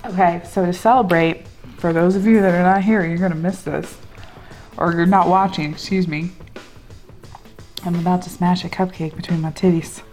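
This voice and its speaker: A woman's voice: on the low side, fairly even intonation, moderate pace, a little mellow, soft background music. A woman co-hosting a podcast, chatting casually and playfully and laughing often. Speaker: podcast co-host. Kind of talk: casual chat.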